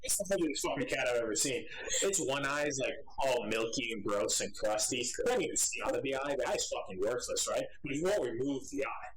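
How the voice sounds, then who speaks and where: A man's voice: medium pitch, brisk, a little hiss or hum, poor audio. A man co-hosting a podcast, telling stories in casual chat with lots of swearing. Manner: profane, animated storytelling. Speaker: podcast co-host.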